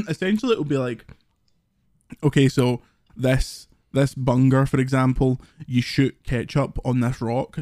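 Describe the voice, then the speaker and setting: A Scottish man hosting a podcast, telling lively, sweary stories in casual chat. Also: medium pitch, dry recording, clean studio sound. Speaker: podcast host.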